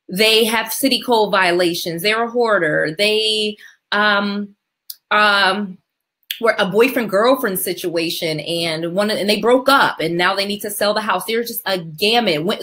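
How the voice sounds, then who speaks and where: A woman's voice: medium pitch, a bit bright. A middle-aged woman teaching real estate investing on a live call, emphatic and repetitive, checking in with her listeners. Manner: emphatic, repeats key steps, checks in with "okay?".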